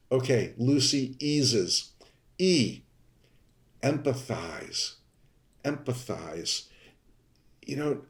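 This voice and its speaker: A man hosting a podcast, coaching listeners in an emphatic way and stretching out repeated words for stress. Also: medium pitch. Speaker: podcast host. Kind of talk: instructional podcast talk. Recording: roomy echo.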